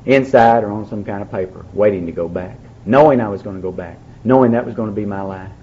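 A man's voice: fairly low pitch, warm tone. Folksy man telling his recovery story. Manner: folksy storyteller, dry humor. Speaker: AA speaker sharing his story. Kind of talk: recovery meeting talk. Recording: dull lo-fi recording, faint background.

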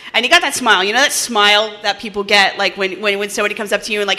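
A woman from New Jersey giving personal testimony at a recovery meeting, animated and acting out the voices in her story. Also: medium pitch, rapid-fire, few pauses. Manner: animated storytelling, acts out dialogue, laughs often.

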